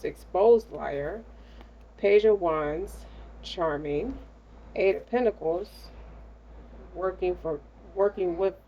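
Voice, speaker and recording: A woman's voice: on the low side, highs cut off, slight background noise. A woman giving a casual tarot reading in a blunt, slangy, streetwise way. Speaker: tarot reader.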